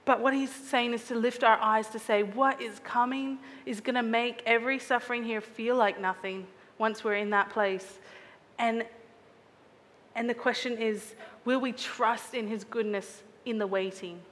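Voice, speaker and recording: A woman's voice: a little high, steady tone, measured pace, a bit bright, big-room sound. A woman preaching a sermon in an earnest, reflective way, often asking her listeners searching questions.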